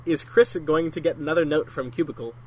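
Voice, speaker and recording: A man's voice: on the high side, brisk, a little mellow. A man hosting a casual podcast chat, reading out listener questions and laughing often. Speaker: podcast host.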